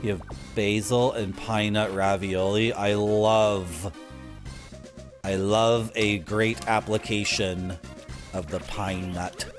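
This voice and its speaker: Chatty low-voiced streamer with game music. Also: male voice, fairly even intonation, slow. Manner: chatty, self-mocking, talks to chat. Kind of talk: casual gameplay commentary. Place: home streaming room with a game shelf. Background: retro game music.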